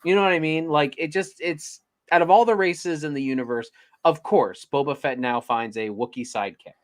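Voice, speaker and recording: A man's voice: fairly high pitch, normal speed. A man co-hosting a show, chatting in an easygoing way and filling his sentences with "like" and "you know". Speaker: podcast co-host. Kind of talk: casual chat.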